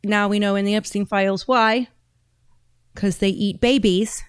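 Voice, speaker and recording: Her mid-range voice stays fairly even and unhurried, with a clean tone and no echo. Browsing and reading out comments, this woman podcast host thinks aloud in a rambling, filler-heavy way, her accent wandering from British-tinged to Southern.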